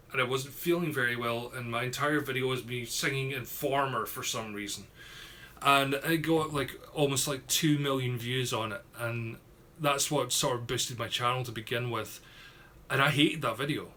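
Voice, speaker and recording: A man's voice: medium pitch, sharp tone. Chatty Scottish man with an Ayrshire accent. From Scotland. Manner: chatty, rambling, swears casually. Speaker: YouTuber streaming a Q&A. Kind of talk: casual live-stream chat reading comments.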